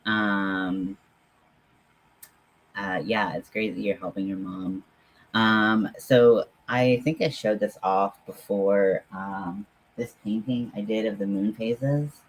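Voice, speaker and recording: A man hosting a casual livestream, chatting in a halting, friendly way with many pauses and fillers while talking to viewers at home. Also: lowish voice, fairly even intonation, rough recording. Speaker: livestream host.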